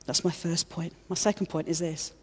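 A woman's voice: fairly low pitch, fairly even intonation, normal speed, breathy edge. A woman preaching a sermon in church, fervent and repeating her phrases as she builds.

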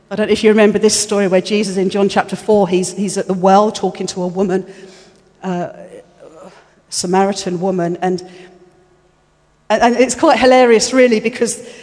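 A woman delivers a sermon, retelling the story in an animated, conversational way and often doubling her words. Her voice sits at an ordinary middle pitch. Long reverb from an echoey church hall lingers around her. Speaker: preacher.

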